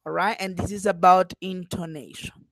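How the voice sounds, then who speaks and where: A woman's voice: fairly low pitch, fairly even intonation, moderate pace, no echo. Teacher woman, dry close sound. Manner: frequent "uh-huh" check-ins, repeats example sentences with acted intonation. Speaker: English teacher. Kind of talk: online class lesson.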